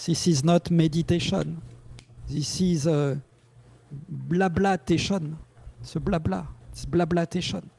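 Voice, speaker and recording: A French-accented man leads a meditation lesson over a video call, his high voice gravelly and mellow. He speaks slowly and earnestly, repeats his key phrases, and chuckles often. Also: steady tone. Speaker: meditation teacher. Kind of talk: live online class.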